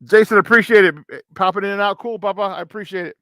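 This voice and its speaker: Man in his fifties, sports talk host, bantering with the chat, slightly high voice, dry close sound. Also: steady tone, quick pace, sharp tone, clean tone, no echo. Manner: greets chat viewers, laughs often, banter. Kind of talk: casual livestream chat.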